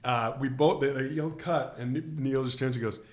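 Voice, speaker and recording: A middle-aged man from Chicago, an actor guest telling lively anecdotes in a casual interview. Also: mid-range voice, moderate pace. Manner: animated anecdotes, acts out quoted voices.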